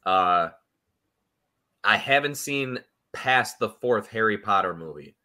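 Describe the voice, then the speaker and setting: A man with a lowish voice talks through his thoughts on a film podcast. He rambles, trails off with ums and restarts his sentences. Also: expressive, slow, bright, forceful tone. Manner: rambling, hesitant with frequent ums. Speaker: podcast panelist. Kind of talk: casual chat.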